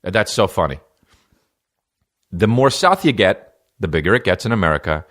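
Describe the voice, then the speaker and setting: A man's voice: sits low, lively intonation, normal speed, a bit bright. A man hosting a comedy podcast, talking in a profane, rambling and jokey way. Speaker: podcast host.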